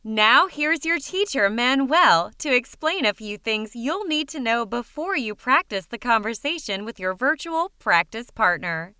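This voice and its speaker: A woman's voice: a little high, lively intonation, unhurried, hardly any pauses, pushed and bright. A woman presenting a language lesson in an upbeat, inviting scripted intro.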